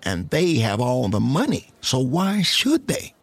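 A man's voice: medium pitch, wildly swooping pitch, measured pace, breathy edge, dry recording, voice pushed up, full character voice. A man voicing an eager, pressing woman. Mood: urging. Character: determined woman studio manager.

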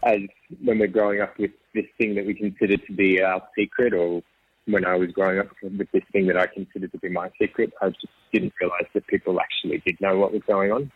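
Husky man on a tinny line. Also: low voice, level tone, a little fast, dry recording. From Australia. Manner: rambling with frequent restarts and soft laughs. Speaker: interview guest. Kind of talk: casual conversational storytelling. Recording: tinny phone-like line, dry.

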